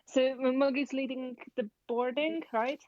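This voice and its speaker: Cast a high-pitched woman as an eager tabletop player, recorded on a dull, muffled mic. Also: steady tone, a little slow, darkish tone. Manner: eager, stumbling over words. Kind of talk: casual tabletop play.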